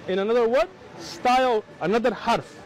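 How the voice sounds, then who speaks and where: A man's voice: extremely high pitch, moderate pace, rough recording. An American man preaching in a heated street debate, lecturing and insisting on finishing his point over interruptions.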